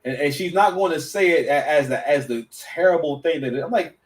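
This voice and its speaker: A man's voice: fairly high pitch, a little fast, distant mic, low-quality recording. A man giving casual reaction commentary, stammering and restarting, full of slang. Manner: stammering, slang-heavy, animated.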